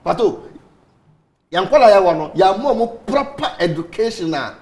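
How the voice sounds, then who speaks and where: Animated high-voiced Ghanaian man. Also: moderate pace, echoey room. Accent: Ghanaian English. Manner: animated, mixes English with Twi phrases. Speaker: studio guest. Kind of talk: morning show panel discussion.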